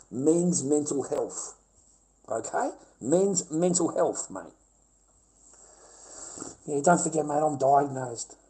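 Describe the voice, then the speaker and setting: A man's voice: a little high, dark tone, poor audio. A man livestreaming, ranting in a blunt, rambling way full of swearing. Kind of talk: casual livestream rant.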